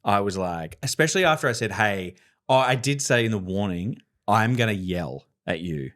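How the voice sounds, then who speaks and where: A man tells stories on a podcast with a fairly low voice. He talks in a casual, animated way, swears often and acts out the lines of the people in his story. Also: moderate pace. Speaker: podcast co-host. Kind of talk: casual chat.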